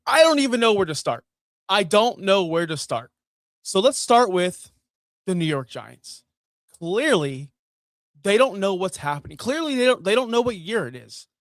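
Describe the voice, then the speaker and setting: A man hosting a fantasy football show, ranting with sarcasm and profanity, jumping between loud outbursts and low muttering. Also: sing-song, normal speed, no echo. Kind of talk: ranting sports commentary.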